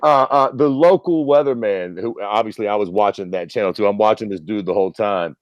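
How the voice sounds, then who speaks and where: A man's voice: on the low side, brisk, no echo. A man in his thirties from Ohio, co-hosting a podcast in casual, profane chat, telling stories and acting out quotes. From Ohio, USA. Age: 30s. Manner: profane, storytelling, acts out quotes. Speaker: podcast co-host.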